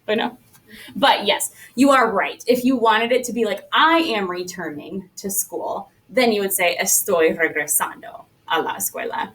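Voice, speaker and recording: A woman's voice: medium pitch, measured pace, a bit bright, far from the mic, poor audio. A woman teaching a Spanish class, upbeat and coaxing as she leads the students through repetition drills. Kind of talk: classroom lesson.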